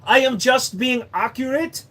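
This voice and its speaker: A man voicing a stiff, humorless male German speaker with a mock German accent, slow, clipped and formal. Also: extremely high pitch, a bit bright, pitched above the performer's own voice, full character voice. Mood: deadpan.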